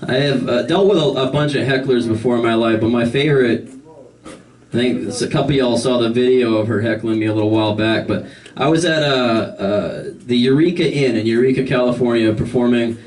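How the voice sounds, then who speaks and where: A man's voice: mid-range voice, fairly quick, a little mellow, distant mic, a little hiss or hum. A man doing a stand-up set, telling loose, rambling stories full of fillers, recorded live in a comedy club with the audience laughing. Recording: live club recording from the room, crowd audible.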